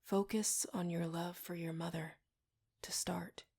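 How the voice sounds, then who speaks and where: A woman in whispered role-play, voicing a calm older woman who guides a ritual in a low, slow whisper. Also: breathy edge, exaggerated voice. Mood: hushed.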